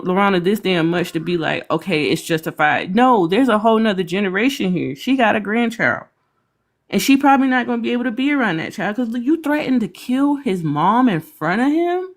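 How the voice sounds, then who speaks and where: Woman ranting casually on a reaction stream, lots of ups and downs in her voice, laughs a lot. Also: fairly high pitch. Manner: animated, emphatic, laughs often. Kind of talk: casual commentary chat.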